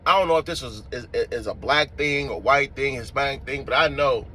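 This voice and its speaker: A man telling a street-fight story in a casual, profane, animated way, acting out the scenes as he goes. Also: mid-range voice, a little fast, slight background noise.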